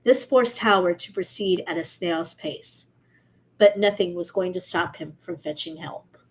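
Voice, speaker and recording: A woman's voice: fairly low pitch, unhurried, poor audio. A woman co-hosting a podcast, reading a story aloud casually and steadily, now and then correcting herself.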